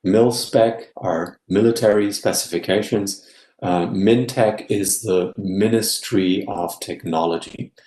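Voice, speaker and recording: A man giving an academic guest lecture in a measured way, often checking in with "yeah?". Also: on the low side, darkish tone, roomy sound, rough recording. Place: live-streamed online talk.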